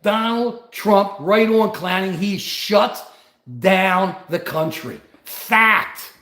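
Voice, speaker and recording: A man hosting a political livestream, emotional and emphatic, repeating himself, answering viewers' comments by name and yelling at times. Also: high-pitched, takes it slowly. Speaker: livestream host. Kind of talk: impassioned political livestream rant. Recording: roomy echo.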